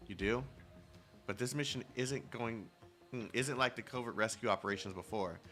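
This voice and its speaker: A man's voice: medium pitch, normal speed, fairly bright tone, faint music behind, natural voice. A man voicing a hesitant, worried young woman fighter in a game story.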